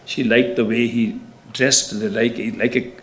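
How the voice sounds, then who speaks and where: A man giving a spiritual talk, telling stories in an animated way. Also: medium pitch, measured pace. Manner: animated storyteller, acts out quoted voices. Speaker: spiritual teacher. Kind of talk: spiritual discourse with storytelling.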